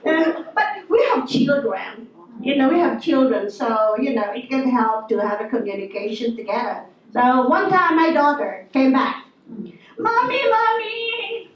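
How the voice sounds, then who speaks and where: A woman giving a lively, anecdotal talk to an audience, teasing her listeners as she goes. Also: on the high side, moderate pace, distant mic. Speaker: guest speaker. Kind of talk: lecture to an audience. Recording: echoey hall from afar, dull sound.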